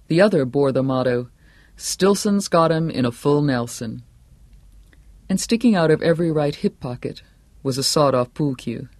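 A man reading a novel aloud in a measured, steady storytelling voice. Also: on the high side, no room sound. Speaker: audiobook narrator. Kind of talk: scripted narration.

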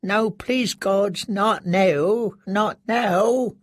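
Broken, starving male prisoner read by a male narrator: high, thin, quavering, stammers his pleas. Dry read. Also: takes it slowly, dry recording. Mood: terrified pleading. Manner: desperate pleading, stammering repetitions.

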